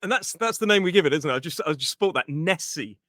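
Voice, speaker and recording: Bright, lively British teacher voice. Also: male voice, on the high side, quick pace, no room sound, clean studio sound. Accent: British English. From England. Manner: explains vocabulary clearly, chatty with fillers. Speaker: podcast host and English teacher. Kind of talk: casual educational podcast chat.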